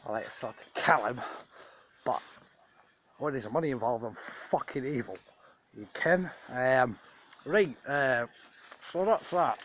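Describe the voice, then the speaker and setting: A foul-mouthed ex-soldier with a Scottish accent, put on by a man rambles through a comic monologue, swearing constantly. His voice sits at an ordinary middle pitch and keeps slipping down into sudden whispers. There is a faint hiss of background noise behind him. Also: animated, a little slow, long pauses, fairly bright tone. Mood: rambling. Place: outdoors in a garden.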